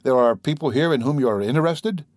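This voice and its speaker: A man's voice: mid-range voice, quick pace, darkish tone, no echo, clean studio sound, natural voice. A man reading the lines of a pompous college instructor with a heavy, self-important way of talking.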